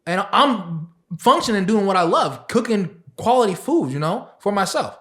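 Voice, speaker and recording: A young man, a DJ and chef, chatting as a podcast guest and laughing through his animated stories. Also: sits high, moderate pace. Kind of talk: casual podcast chat.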